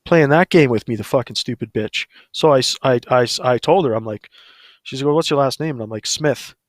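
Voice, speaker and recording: A man's voice: medium pitch, fairly quick, no echo. Brief: man, crude no-filter ranter, plain mid voice, dry. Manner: profane, blunt ranting. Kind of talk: casual storytelling on a livestream.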